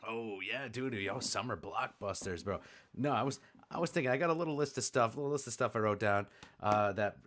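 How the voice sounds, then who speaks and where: A man's voice: mid-range voice, brisk. A man co-hosting a podcast in rowdy, hyper banter, cracking jokes and swearing often. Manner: hyper and excitable. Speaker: podcast co-host.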